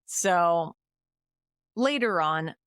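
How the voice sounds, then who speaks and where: A woman's voice: fairly low pitch, extremely slow, clear, resonant tone, dry recording, studio quality. A woman podcast host casually recapping a movie plot, acting out the characters' lines. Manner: animated retelling with acted quotes.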